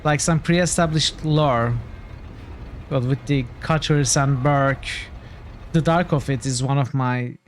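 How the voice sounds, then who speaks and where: A man's voice: mid-range voice, slow, faint music behind. A man casually commenting while streaming a role-playing game, chatty and a little hesitant, reading game text aloud.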